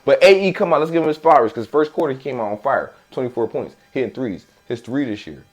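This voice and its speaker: A man co-hosting a casual sports podcast, telling game stories in animated slang and repeating his catchphrases, with a Philadelphia accent. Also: mid-range voice, fast talker. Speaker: podcast co-host.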